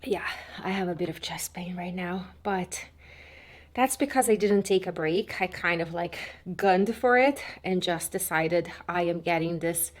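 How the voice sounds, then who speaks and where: Woman vlogger, chatty and rambling, casual to-camera delivery, a few fillers. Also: fairly low pitch. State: out of breath. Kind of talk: casual vlog talk to camera.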